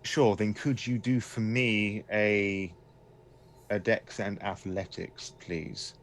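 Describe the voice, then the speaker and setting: A man with a fairly low voice runs a tabletop game, talking players through rules and scenes. His descriptions wander and loop back on themselves in a casual, unhurried way. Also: slight background noise. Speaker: game master. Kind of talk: running a tabletop horror game.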